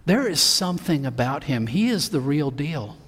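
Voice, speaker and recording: A man preaching a sermon, acting out the Bible figures' lines with sudden swings between soft and loud. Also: on the high side, big pitch swings, normal speed, breathy edge, long reverb tail.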